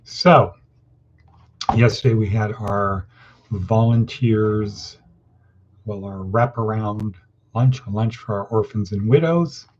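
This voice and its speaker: A man from California hosts a loose morning pep talk, wandering from one topic to the next in a folksy, rambling way. His voice is husky and mellow, and he talks slowly. The recording sounds dull and lo-fi. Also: on the low side. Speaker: host of a daily motivational session.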